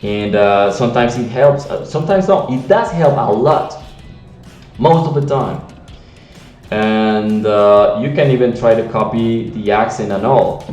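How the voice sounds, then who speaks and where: A man's voice: lowish voice, a little slow, darkish tone, roomy sound, distant mic, highs cut off, soft background music. A man with a Latin American Spanish accent, giving an earnest teaching talk on language learning with frequent restarts. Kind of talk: teaching monologue to camera.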